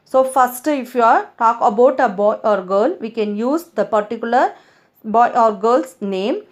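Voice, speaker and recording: A woman with an Indian English accent teaches a grammar lesson to children. Her voice sits a little high. She goes over each point more than once and keeps asking the children to look at the examples. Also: expressive, measured pace. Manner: repeats points, addresses children.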